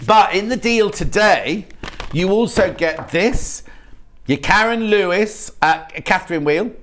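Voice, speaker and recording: A man's voice: high-pitched, animated, measured pace, fairly bright tone. A British man presenting products on a live shopping channel in a TV studio, chatty and rambling, with frequent restarts.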